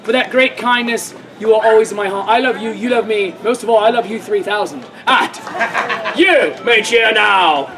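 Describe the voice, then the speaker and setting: A man performing a comedy show at an outdoor fair stage, loud and playful, bantering with the audience. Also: high-pitched, normal speed, noisy background. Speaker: street performer. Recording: live outdoor audience audible. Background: crowd laughing and cheering.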